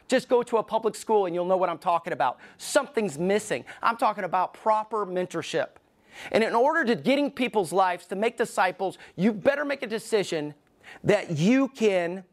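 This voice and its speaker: A middle-aged man preaching a sermon as pastor in a church, emphatic, with pauses, and acting out the voices he quotes. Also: high-pitched. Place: church sanctuary.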